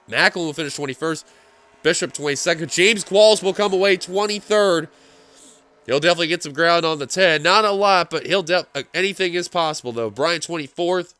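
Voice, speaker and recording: A man giving play-by-play commentary on a simulated stock car race, getting excitable as the finish nears. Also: fairly high pitch. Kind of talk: play-by-play sim racing commentary.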